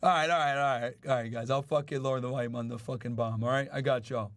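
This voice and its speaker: A man's voice: medium pitch, fairly even intonation, fast, a bit bright, dry recording. A male podcast host in casual chat with his live chat, brash and profane. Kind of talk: casual chat reacting to news.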